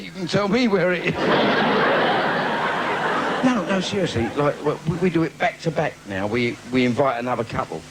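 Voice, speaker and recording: Male stand-up, London accent, bawdy crowd banter, fairly high and animated, 1980s live tape hiss. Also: measured pace, pauses often. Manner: cheeky, bawdy banter with the crowd, laughing at his own jokes. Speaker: stand-up comedian. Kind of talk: live comedy club routine. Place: live theatre with audience. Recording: noisy 1980s live video.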